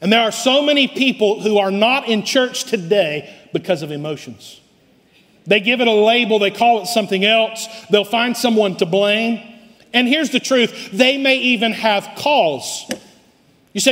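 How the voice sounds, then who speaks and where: A man preaching a sermon to his church, swelling loud and then dropping low. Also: animated, normal speed. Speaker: pastor. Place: church sanctuary. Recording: live hall reverb.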